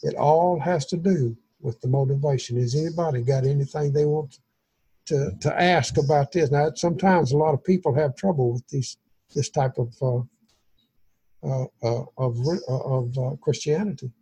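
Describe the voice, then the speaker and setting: A man's voice: mid-range voice, normal speed, mellow, breathy edge, poor audio. A man leading an informal Bible study, teaching in a folksy, rambling way. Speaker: pastor.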